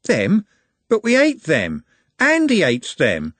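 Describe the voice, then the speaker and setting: A man's voice: high voice, huge pitch swings, slow, fairly bright tone, no echo, pitched above the performer's own voice, heavily acted. A man voicing a blunt, hot-tempered young street lad who snaps exasperated retorts in an audiobook.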